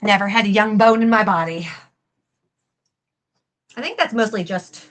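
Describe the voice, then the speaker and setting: A woman's voice: medium pitch, moderate pace, long pauses. A woman hosting a crafting livestream, chatting casually and self-deprecatingly while she works on a costume. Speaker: livestream host and prop maker.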